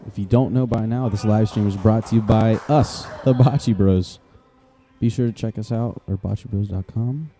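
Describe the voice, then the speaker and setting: A male play-by-play commentator calls a live match in a quiet, hushed golf-announcer voice. His tone is very dark and mellow, sitting a little low, and he tends to repeat phrases for emphasis. Faint music plays underneath. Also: fairly even intonation, moderate pace.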